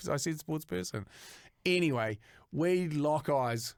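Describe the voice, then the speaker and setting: A man's voice: a little high, slow pace, a little hiss or hum. A man in his thirties with a New Zealand accent, telling a story on a podcast in casual chat and swearing freely. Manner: animated, acts out voices in stories, swears freely. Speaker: podcast co-host.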